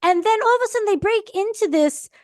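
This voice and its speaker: A woman co-hosting a recap podcast, chatting casually and gushing excitedly. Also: very high-pitched, fast. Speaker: podcast co-host.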